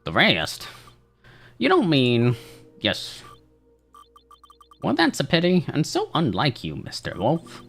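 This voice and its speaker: A man's voice: a little high, wildly swooping pitch, takes it slowly, vocal fry, long pauses, a bit bright, slightly rough, faint music behind, voice pushed up, heavily acted. Man doing a prim, scheming rabbit. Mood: condescending. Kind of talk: voicing characters while playing a game.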